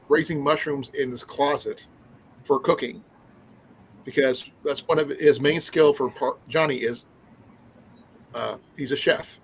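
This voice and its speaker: A man's voice: on the high side, slight background noise, poor audio. A man hosting a casual live stream, chatting in a rambling way with many fillers and restarts. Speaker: livestream host.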